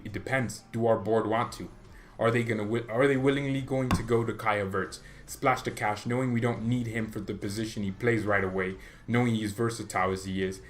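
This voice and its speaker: A young man hosting a fan channel, giving a casual, opinionated match reaction that rambles with restarts and excited bursts. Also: lowish voice, slight background noise. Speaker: football fan channel host.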